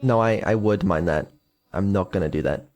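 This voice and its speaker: A man's voice: low-pitched, moderate pace, a little mellow, faint music behind. A man streaming as a developer, talking casually with lots of ums and dry sarcasm. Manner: mumbling, hesitant, many ums, dry sarcasm.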